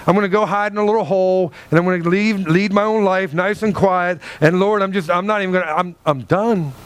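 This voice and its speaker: High-voiced animated male preacher. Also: a little fast, smooth. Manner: animated preaching, acts out dialogue with God. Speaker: pastor. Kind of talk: sermon.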